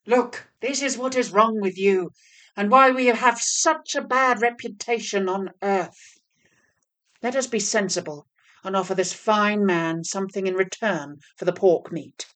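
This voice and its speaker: A woman voicing a bossy male master devil in a storybook tale, commanding and booming. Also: moderate pace, lightly acted.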